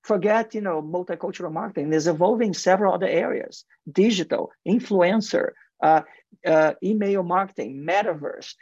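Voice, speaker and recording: A marketing and advertising guest talks earnestly in a radio interview, with a heavy accent and frequent restarts. The voice is medium-pitched and darkish at a normal speed, with no room sound. The recording is dry, with a dull lo-fi radio quality.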